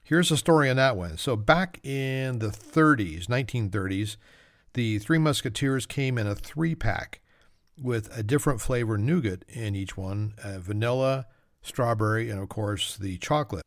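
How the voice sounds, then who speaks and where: A man's voice: mid-range voice, normal speed, no echo, clean studio sound. A man hosting a solo trivia podcast, reading facts with joking, self-mocking asides. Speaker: podcast host.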